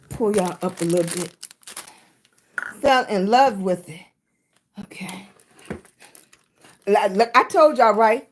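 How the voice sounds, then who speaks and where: A woman's voice: mid-range voice, expressive, slow pace, long pauses, slight background noise. A woman with a Southern US accent hosting a casual livestream chat, greeting viewers by name on her phone. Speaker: livestream host.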